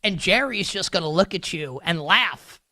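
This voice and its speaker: Young male sports-betting host, rambling sarcastic commentary, bright tone, dry booth sound. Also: high-pitched, expressive, normal speed, no room sound. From northern United States. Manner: rambling, filler-heavy, sarcastic.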